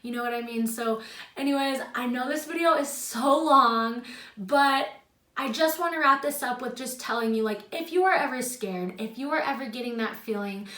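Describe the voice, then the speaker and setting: A woman's voice: fairly high pitch, moderate pace, pushed and bright, reverberant. A young woman telling a personal story in a casual vlog, chatty and full of "like", emotional at times. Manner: chatty, heavy use of "like". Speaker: YouTuber. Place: her home, indoors.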